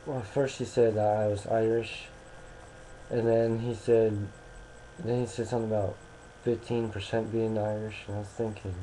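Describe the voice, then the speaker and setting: A man's voice: fairly low pitch, level tone, normal speed, warm tone, slight background noise, low-quality recording. A young American man talking casually into a webcam, rambling and hesitant with many restarts. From United States.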